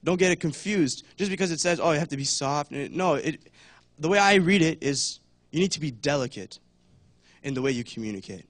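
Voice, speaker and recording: A man's voice: a little high, animated, fairly quick, dry recording. A young man giving a casual talk at church, chatty, with many fillers, and acting out voices now and then. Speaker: church speaker.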